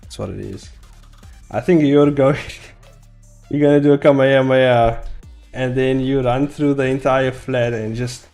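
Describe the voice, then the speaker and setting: A man's voice: medium pitch, fairly even intonation, measured pace, gravelly, a little mellow, faint music behind. Laid-back guy streaming. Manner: rambling, laughs often, swears freely. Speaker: comic artist streaming. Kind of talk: casual live-stream chat.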